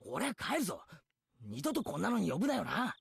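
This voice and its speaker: An actor voicing a flustered, indignant teenage boy who stammers and protests, with a gravelly voice. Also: sits high, huge pitch swings, very fast, fairly bright tone, a little hiss or hum, heavily acted.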